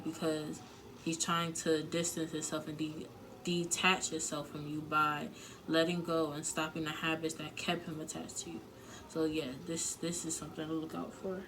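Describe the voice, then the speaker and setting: A young woman with a low voice gives her viewers blunt, emotional relationship advice in a casual vlog, speaking to camera against a noisy background. She's candid, swears freely, and leans heavily on filler words.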